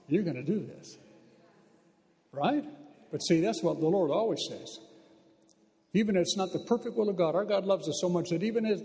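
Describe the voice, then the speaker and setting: A man's voice: sits high, mellow. A man preaching a sermon into a microphone, emphatic and fervent, with repeated declarations. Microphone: handheld microphone. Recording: echoey hall reverb.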